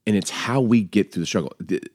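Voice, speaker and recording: A man's voice: fairly low pitch, fast, no room sound, studio quality. A man co-hosting a podcast in casual chat, who also reads a poem aloud with earnest feeling. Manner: animated, laughs often, earnest. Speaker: podcast co-host.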